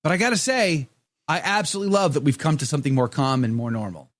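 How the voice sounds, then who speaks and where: A man's voice: on the high side, quick pace, dry recording. A male host in casual live-stream chat, reading viewer comments aloud and talking candidly. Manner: candid, conversational, with frequent restarts.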